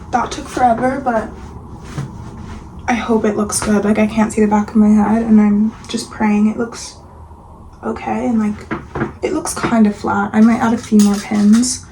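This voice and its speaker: Soft-spoken young woman, chatty vlog. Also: a little high, slight background noise, low-quality recording. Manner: chatty, rambling, full of "like" fillers; soft, sometimes half-whispered. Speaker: vlogger. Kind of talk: casual vlog chat. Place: home, kitchen and getting ready. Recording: audible room ambience behind the voice.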